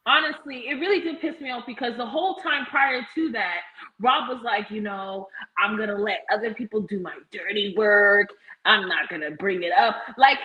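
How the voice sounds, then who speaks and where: A woman's voice: a little high, highs cut off. A woman co-hosting a podcast, ranting bluntly and profanely in a casual reality-TV recap chat. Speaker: podcast co-host.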